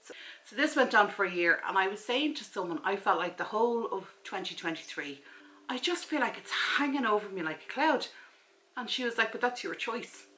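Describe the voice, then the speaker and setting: A woman's voice: mid-range voice, animated, brisk, fairly bright tone, a little hiss or hum, rough recording. A woman in her forties with an Irish accent, chatting casually to camera at home and retelling a conversation with a friend. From Ireland. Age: 40s. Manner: chatty storytelling, acts out friend's replies. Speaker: vlogger. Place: her house, front room. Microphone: camera mic.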